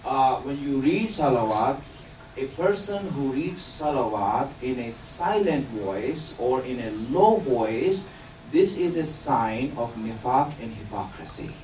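A man's voice: mid-range voice, animated, takes it slowly, darkish tone, slight background noise. A man giving a religious lesson to a live group, explaining patiently and quizzing his listeners with questions. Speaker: religious teacher. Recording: echoey room, distant mic.

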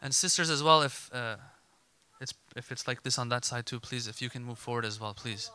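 Bright emphatic male preacher. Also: medium pitch, brisk. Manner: animated, emphatic, voices imagined dialogue. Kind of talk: sermon.

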